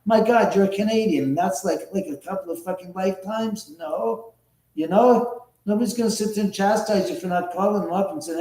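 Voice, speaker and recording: A man hosting a live stream pushes his guest with sarcastic, profane jabs. His voice sits fairly high. The room around him sounds echoey. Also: fairly quick, mellow. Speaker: livestream host. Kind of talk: casual live-stream chat.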